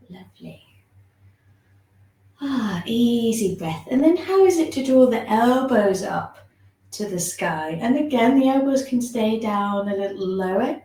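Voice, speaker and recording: A woman leads a gentle online movement class in a slow, mellow voice. Her instructions are soft and soothing, broken by the odd yawn. The room around her sounds echoey. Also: medium pitch. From England. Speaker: shiatsu and movement teacher.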